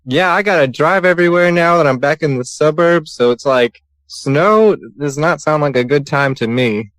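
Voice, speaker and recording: A man's voice: fairly high pitch, moderate pace, fairly bright tone, dry recording. A middle-aged man, a filmmaker and podcast guest, talking casually with wry jokes and offhand swearing. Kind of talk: casual interview chat.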